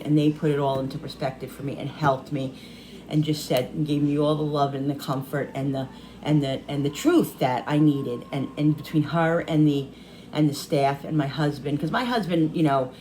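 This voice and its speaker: A woman's voice: deep voice, steady tone, moderate pace, warm tone, slight background noise, low-quality recording. A middle-aged woman vlogging, telling a personal story through tears, rambling and restarting often. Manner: tearful, rambling, many restarts. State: crying.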